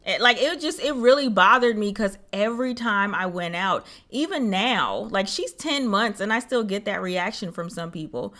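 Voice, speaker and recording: A young woman co-hosting a casual podcast, talking in a lively way and jumping high in pitch when she mocks what other people say. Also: normal speed, hardly any pauses. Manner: animated, swoops high when mocking others. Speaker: podcast co-host.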